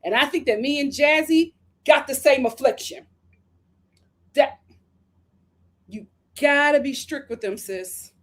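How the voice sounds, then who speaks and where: An American woman hosting a live review stream. She reads viewer comments aloud and answers them in slangy, chatty talk, laughing often and drifting into quick asides. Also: high voice, animated. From United States. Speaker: reality TV reviewer hosting a livestream. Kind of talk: casual livestream commentary reading viewer comments.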